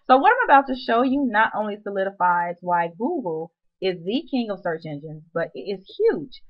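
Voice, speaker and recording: A woman's voice: mid-range voice, big pitch swings, moderate pace, muffled recording. A woman presenting a screen-recorded web marketing tutorial, chatty and upbeat with playful asides.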